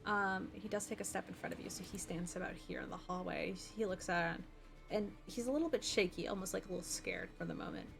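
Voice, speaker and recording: A woman's voice: mid-range voice, very animated, fast, creaky, music in the background. A young woman narrating as game master of a tabletop game, chatty and full of fillers. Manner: chatty, lots of um and like.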